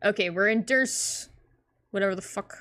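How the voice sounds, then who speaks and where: Bright-voiced sarcastic woman streamer. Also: medium pitch, normal speed. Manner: swears often, sarcastic asides. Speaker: streamer reacting to a webcomic. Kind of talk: casual livestream reaction.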